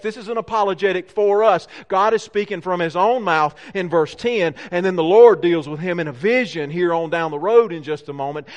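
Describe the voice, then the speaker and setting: A man preaching a conversational sermon, often checking in with his listeners. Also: on the high side. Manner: conversational, asks the congregation questions. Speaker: pastor.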